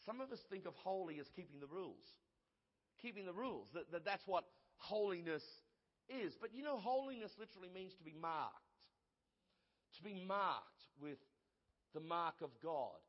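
A man's voice: high voice, animated, normal speed. A male pastor preaching a sermon, emphatic and repeating phrases for effect, in a church hall. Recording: dull sound with long hall reverb.

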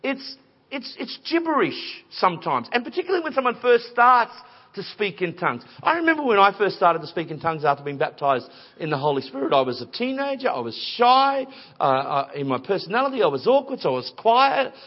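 A man preaching a sermon in a conversational, animated storytelling way with playful voices. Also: high voice, fairly quick. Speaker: pastor. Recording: dull lo-fi recording.

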